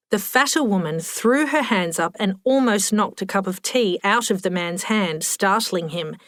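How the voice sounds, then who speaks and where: A woman narrating an audiobook with a wry, expressive reading, close to the mic. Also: mid-range voice, normal speed, few pauses, no echo. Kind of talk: scripted narration.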